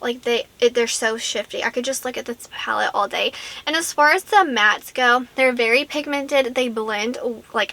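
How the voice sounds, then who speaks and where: Brief: young woman vlogger, high and bright, gushing chatty review style. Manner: gushing, chatty, many fillers like "like" and "um". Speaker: beauty vlogger. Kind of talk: casual product review to camera.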